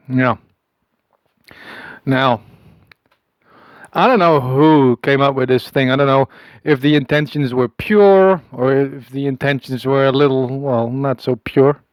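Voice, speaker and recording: A man rambles through a comic audio message in a put-on accent, stalling and circling back with a conspiratorial, self-amused air. His voice sits at an ordinary middle pitch. The sound is close and completely dry. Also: no echo, rough recording. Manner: putting on an unplaced accent. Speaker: comic monologuist.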